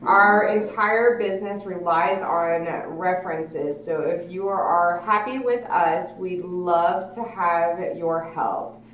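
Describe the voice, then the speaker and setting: A woman chatting playfully with friends, quick to laugh. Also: on the low side. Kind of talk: casual chat among friends. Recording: echoey room, distant lo-fi mic.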